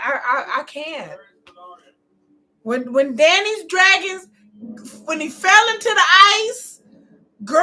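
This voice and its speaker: A woman hosting a live watch party, commenting loudly, joking and swearing as she reacts to the screen. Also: sits high. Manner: loud, animated, profane and joking.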